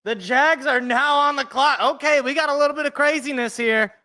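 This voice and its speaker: A young man with a tense, bright, high voice talks fairly quickly while hosting a relaxed live reaction stream. His delivery is loose, full of thinking aloud, with little chuckles to himself in between.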